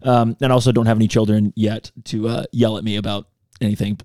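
A man's voice: lowish voice, flat delivery, quick pace, darkish tone, no room sound, studio quality. A man hosting a podcast interview, chatty and teasing, telling anecdotes in a casual way. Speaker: podcast host.

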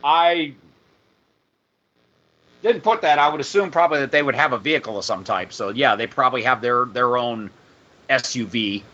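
A man's voice: mid-range voice, moderate pace, long pauses, bright, forceful tone, dull audio. A man reading out his adventure draft, then patiently explaining background details in casual chat. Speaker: player presenting an adventure draft. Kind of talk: casual chat and story read-aloud.

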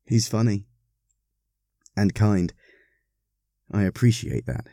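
A man voicing a middle-aged woman in a storybook reading, speaking briskly and a little apologetically. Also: very deep voice, animated, mellow, dry recording, studio quality, exaggerated voice. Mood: fond.

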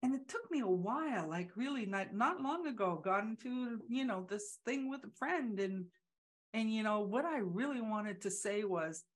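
A woman in casual, reflective conversation, talking haltingly with many restarts and acting out the voices she quotes. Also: fairly high pitch, expressive.

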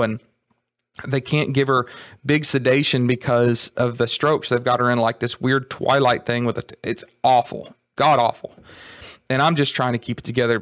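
A man hosting a podcast, retelling a painful family story in an earnest, halting way with many restarts. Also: medium pitch, fairly bright tone, dry recording, clean studio sound. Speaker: podcast host. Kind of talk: personal storytelling.

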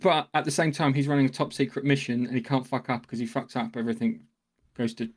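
A man recaps a film scene in loose podcast chat, swearing freely and jumping into voices for the characters. His voice sits at an ordinary middle pitch. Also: flat delivery, quick pace. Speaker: podcast co-host. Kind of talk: casual film discussion.

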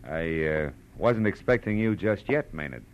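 In a 1940s-style old-time radio drama, a man with a deep voice plays a world-weary, wisecracking, hard-boiled private detective and also narrates, in a wry, dry-witted mood. His delivery is animated at a moderate pace, and the audio has cut-off highs with a little hiss or hum.

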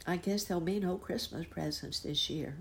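A woman's voice: on the low side, moderate pace, vocal fry, pitched above the performer's own voice. A woman voicing a sad young boy who sighs over missing presents. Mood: glum. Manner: sighing, glum.

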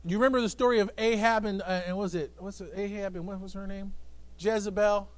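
High-voiced emphatic male preacher. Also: steady tone, fairly quick. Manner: emphatic preaching with call-and-response, acting out voices. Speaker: pastor. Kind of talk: sermon. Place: church sanctuary with congregation.

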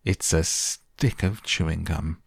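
A man voicing a brash, gum-chewing young girl who talks loudly and pushily. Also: sits low, slow pace, gravelly, husky, no room sound, clean studio sound, exaggerated voice. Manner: loud, pushy and excited.

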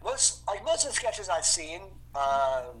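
A man's voice: fairly high pitch, sing-song, fairly bright tone, low-quality recording. A man co-hosting a podcast in casual chat, rambling with lots of fillers like "you know what I mean". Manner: rambling, filler-heavy, quick. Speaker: podcast co-host.

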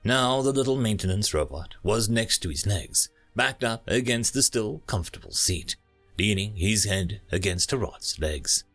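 A man narrating an audiobook in an expressive storytelling manner. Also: lowish voice, normal speed, faint music behind.

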